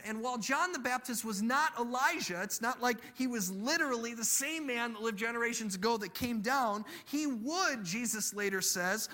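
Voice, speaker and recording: A man preaching a sermon, telling the story in an animated way that builds to loud, emphatic peaks. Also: sits high. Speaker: pastor.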